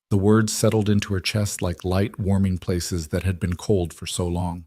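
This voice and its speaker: A man reading a story aloud in a steady, measured way. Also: sits low, dry recording, studio quality. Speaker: narrator. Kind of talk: scripted narration.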